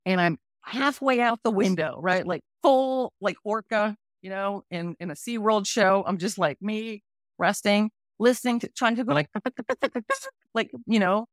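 A woman in her forties hosting a podcast, telling a story in a casual, animated way and laughing often. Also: mid-range voice, unhurried, dry recording, clean studio sound. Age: 40s. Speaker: podcast host.

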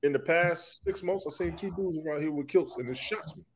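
A man's voice: fairly high pitch, brisk, slight background noise. A man co-hosting a podcast, telling stories in casual, profane banter. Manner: animated, profane storytelling. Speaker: podcast co-host.

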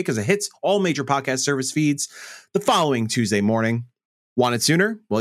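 Male podcast host, mid pitch, lively swings in delivery, laughs a lot and trips over the script. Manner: animated, laughs often, stumbles over reads. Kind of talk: casual podcast intro and chat.

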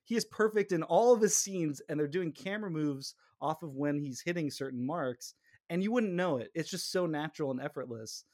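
A man's voice: a little high, brisk, darkish tone, dry recording, clean studio sound. A man from the United States chats on a podcast in a slightly raised voice. He talks casually, restarting his sentences and breaking into laughs. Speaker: podcast co-host.

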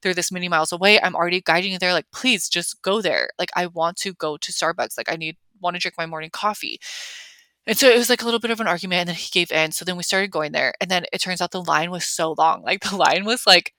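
Chatty young woman with a bright voice. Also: lowish voice, quick pace, no echo. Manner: chatty, filler-heavy, emphatic. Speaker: podcast host. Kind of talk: casual confessional chat.

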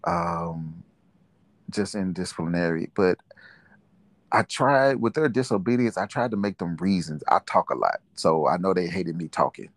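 A man's voice: deep voice, expressive, moderate pace, dry recording. A middle-aged man, reflecting in a casual family interview and laughing often. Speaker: interviewee, father.

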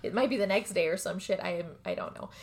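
A woman co-hosting a podcast, retelling a film in casual chat, animated and swearing freely. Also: fairly low pitch, fast talker, vocal fry. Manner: animated storytelling, slips into character voices, casual swearing. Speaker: podcast co-host. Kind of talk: casual movie recap chat.

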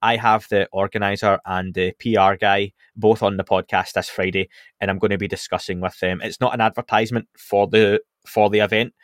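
Low-voiced man hosting a podcast. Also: fairly quick, dry recording, studio quality. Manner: relaxed, chatty, with frequent fillers and restarts. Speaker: podcast host. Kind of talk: casual podcast chat.

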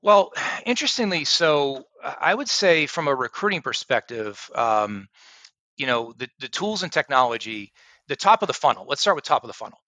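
Bright, lively middle-aged man telling stories. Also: moderate pace, dry recording, low-quality recording. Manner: animated storyteller who acts out phone pitches. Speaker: guest, sales and recruiting coach. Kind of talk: casual podcast interview.

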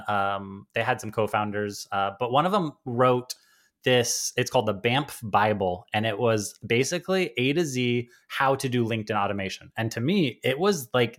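A man's voice: medium pitch, fairly bright tone. A man who founded an agency, speaking as a podcast guest in casual interview talk, conversational with lots of fillers and restarts.

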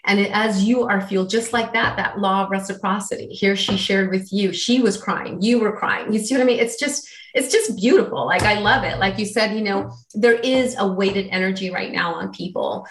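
A woman's voice: mid-range voice, normal speed, few pauses, fairly bright tone, roomy sound, low-quality recording. A woman guest in an interview, a business coach speaking in an earnest, inspirational way. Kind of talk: casual interview talk.

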